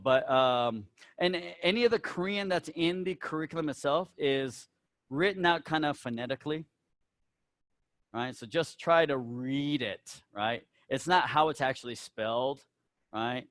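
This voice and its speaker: A man's voice: medium pitch, a bit bright, no echo, clean studio sound. A man from the American South who runs a taekwondo school, talking his instructors through teaching points in a casual, instructive way and checking in with "right?" and "all right?" as he goes. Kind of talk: instructor meeting talk.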